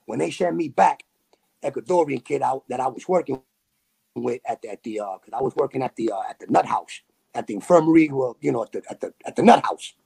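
A man from New City, telling a story as a podcast guest in animated street slang with sound effects. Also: mid-range voice, fairly quick, gravelly, breathy edge. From New York City. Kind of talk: casual storytelling.

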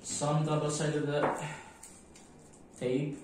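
A man with a French accent walks through a hands-on tutorial, pausing and searching for words as he works. His delivery is unhurried and at a middle pitch. The sound is roomy and distant, as if he stands away from the mic in a bare workshop. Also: little pitch movement, background noise. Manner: halting, thinking aloud while working. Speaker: miniature painting tutor. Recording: echoey room, mic at a distance.

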